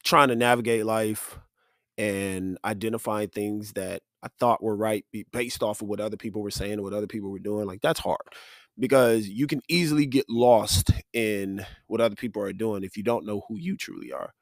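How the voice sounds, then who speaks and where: A man's voice: lowish voice, steady tone, moderate pace, dry recording. Earnest man, dry close sound. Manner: earnest, conversational, with frequent "like" and "you know". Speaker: podcast host. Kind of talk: reflective faith-based monologue.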